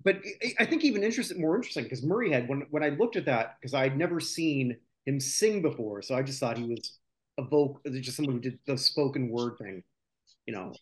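A man hosting a relaxed podcast chat in an easy, conversational way. He talks through his research and slips in bits of trivia, keeping the back-and-forth going with his co-hosts. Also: medium pitch, brisk. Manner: chatty, shares research and trivia. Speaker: podcast host. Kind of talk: casual chat.

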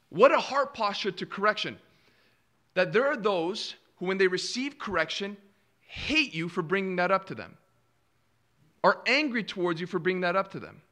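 A man preaching a sermon, firing rhetorical questions and acting out quoted replies with sudden drops to a hush and swells in volume. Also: fairly high pitch.

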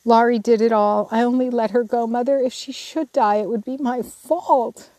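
A woman's voice: mid-range voice, normal speed, warm tone, no echo, lightly acted. A woman reading the part of a remorseful, hot-tempered teenage girl, pleading and tearful. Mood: guilt-stricken.

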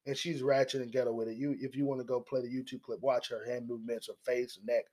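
A man hosting a political commentary monologue, animated and mocking, often repeating his words. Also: medium pitch, quick pace, few pauses. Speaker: commentary host.

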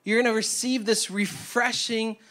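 A man, a pastor, preaching a conversational sermon to his church with energetic, casual delivery and frequent restarts. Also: sits high, normal speed.

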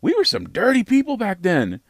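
Brief: American male podcast host, lively swooping delivery, emphatic and rhetorical, dry close sound. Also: high-pitched, moderate pace, no echo. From United States. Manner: emphatic, rhetorical, repeats phrases for effect. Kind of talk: opinionated podcast monologue.

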